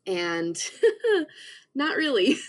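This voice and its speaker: Young woman guest, earnest and halting, slightly high voice, heartfelt personal account. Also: animated. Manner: earnest, halting, many restarts and fillers. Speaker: podcast guest. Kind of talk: emotional personal story.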